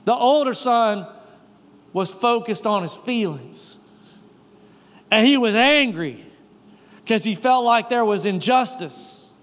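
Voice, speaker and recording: High-voiced male pastor preaching, animated and questioning, long hall reverb. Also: takes it slowly, pauses often. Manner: animated, asks the crowd questions, repeats key lines. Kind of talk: sermon.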